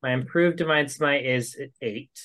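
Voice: mid-range voice, measured pace, a bit bright. A player in a tabletop game, talking casually and thinking aloud while adding up dice.

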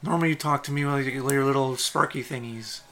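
A man doing a slow, grumbling bugbear guard. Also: medium pitch, steady tone, pushed and bright. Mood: irritated, puzzled. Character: pumpkin-helmeted bugbear guard, slow and gruff, male.

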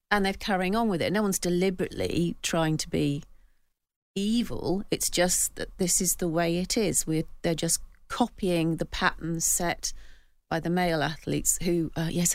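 A woman on a radio book panel, talking with growing indignation and sudden rises in pitch. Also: no echo. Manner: impassioned, rising pitch when indignant.

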